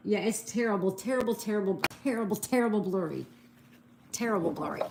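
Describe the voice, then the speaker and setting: Woman, gravelly voice, casual livestream host, reads comments aloud, phone mic, faint background noise. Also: mid-range voice, animated, brisk. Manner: chatty, reads viewer comments aloud and spells answers letter by letter.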